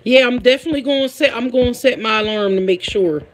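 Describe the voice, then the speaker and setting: A woman's voice: a little high, fast, slight background noise. A woman with a Philadelphia accent chats casually on a live stream from home. She is talkative, laughs often, and keeps calling out to her viewers by name. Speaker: livestream host.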